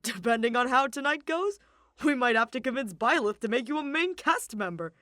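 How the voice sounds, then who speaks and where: Upbeat, booming stage manager man, read by a woman narrator, lively pitch. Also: a little fast, dry recording, clean studio sound. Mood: cheerful. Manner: loud, upbeat. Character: cheerful hearty male stage manager, easygoing.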